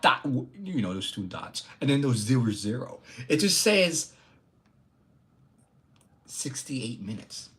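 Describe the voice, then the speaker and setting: A young man live-streaming, chatting casually with his viewers, rambling, swearing and joking, with sudden loud bursts of mock outrage. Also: mid-range voice, big pitch swings, slow pace, long pauses.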